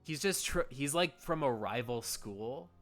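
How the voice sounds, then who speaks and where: A man's voice: mid-range voice, expressive, unhurried, fairly bright tone, faint music behind. A man streaming a game and chatting casually, rambling and gushing with frequent giggles. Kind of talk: casual gameplay commentary.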